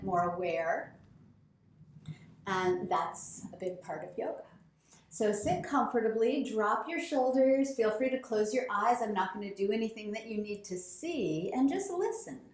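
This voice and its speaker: A woman teaching a yoga class, giving calm, soothing instructions and counting breaths slowly. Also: a little high, roomy sound.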